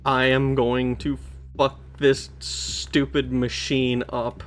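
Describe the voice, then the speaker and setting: A man's voice: mid-range voice, level tone, takes it slowly. A man giving let's play commentary on a retro game, swearing freely, getting frustrated and answering his chat. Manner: swears heavily, easily frustrated, talks to chat. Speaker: streamer playing a retro role-playing game.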